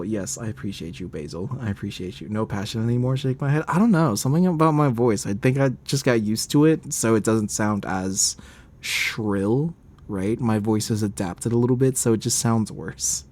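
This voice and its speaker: A man's voice: fairly low pitch, moderate pace, darkish tone. A man streaming a game, chatting casually, laughing often and grumbling about the game.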